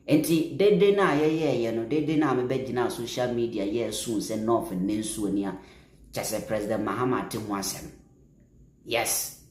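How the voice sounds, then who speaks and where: A social media commentator with a Ghanaian accent and a lowish voice delivers impassioned political commentary in an echoey room. He's emphatic, repeats phrases, and bursts into louder stretches.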